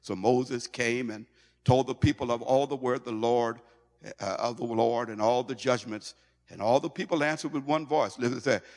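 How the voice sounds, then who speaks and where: A male pastor preaching a sermon in an animated way, stumbling over and repeating words as he goes. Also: mid-range voice, normal speed. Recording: long hall reverb.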